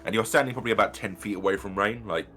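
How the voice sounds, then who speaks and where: A man's voice: lowish voice, racing, pushed and bright, soft background music. A man running a tabletop game as game master, narrating scenes casually with fillers and swearing.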